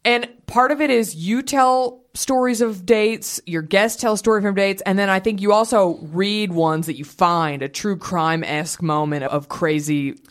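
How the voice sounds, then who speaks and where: 30s woman hosting a podcast, swears a lot, jokes around, tells stories fast. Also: mid-range voice. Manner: profane, jokey, quick storytelling. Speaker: podcast host. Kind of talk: casual chat.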